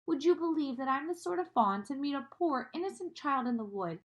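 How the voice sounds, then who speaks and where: A woman's voice: high-pitched, lively intonation, fairly quick, voice pushed up. A woman voicing a gloomy, tearful male faun who talks in a sorrowful, sobbing way.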